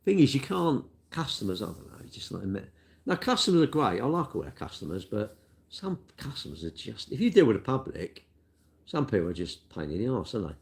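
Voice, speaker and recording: Low-ish and very animated, the older man talks briskly with vocal fry and a slightly mellow tone. He's a cake shop worker fielding viewer questions, rambling casually with matey self-deprecation.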